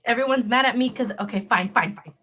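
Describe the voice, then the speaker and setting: A woman's voice: on the high side, fast, sharp tone. Bubbly young woman chatting on a livestream. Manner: bubbly, rambling, self-deprecating. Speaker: crochet livestream host. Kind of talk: casual livestream chat.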